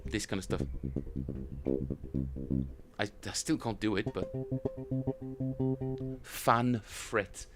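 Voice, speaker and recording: A man hosting a bass-playing livestream, talking casually and hesitantly with many fillers as he reads chat messages aloud. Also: fairly even intonation, drawn-out words, pauses often, loud music behind the voice. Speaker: bass player livestream host.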